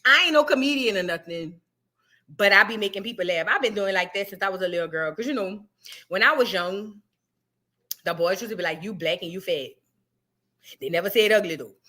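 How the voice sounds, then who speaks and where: New lady chatting on her stream, bright sharp voice, slangy and animated. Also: mid-range voice, brisk. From New Orleans, USA. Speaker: livestream host. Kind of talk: casual livestream chat.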